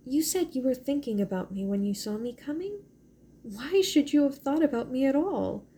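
A woman's voice: high-pitched, animated, moderate pace, dark tone, pitched above the performer's own voice. A woman reading the lines of a shy, curious young woman in a novel, hesitant and stammering. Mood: wondering.

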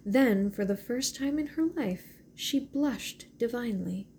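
A woman narrating a novel in a gentle, measured reading voice. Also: a little high, animated, slight background noise. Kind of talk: audiobook narration.

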